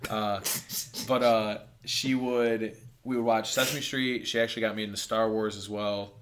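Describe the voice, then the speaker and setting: A man, chatting casually as a podcast co-host, swearing a lot and telling animated stories. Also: fairly low pitch, a little slow, slight background noise. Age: 20s. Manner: swears a lot, animated storytelling with loud put-on shouts. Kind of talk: casual chat.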